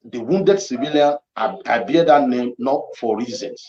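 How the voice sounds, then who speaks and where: A man's voice: medium pitch, animated, normal speed, darkish tone. A man from Edo State with a Nigerian accent, giving emphatic, repetitive political commentary as a guest. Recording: echoey, dull lo-fi sound.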